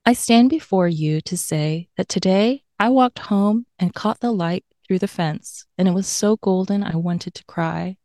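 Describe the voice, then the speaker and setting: A woman co-hosting a poetry podcast, reading a bio and then a poem aloud in a measured, rhythmic way. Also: mid-range voice, mellow, dry recording, clean studio sound. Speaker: podcast co-host.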